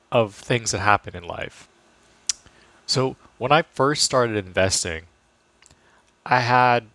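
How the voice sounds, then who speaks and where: Chatty low-voiced young man. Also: dry recording. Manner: relaxed, chatty, many "like" fillers and restarts. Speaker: finance vlogger. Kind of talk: casual talk to camera.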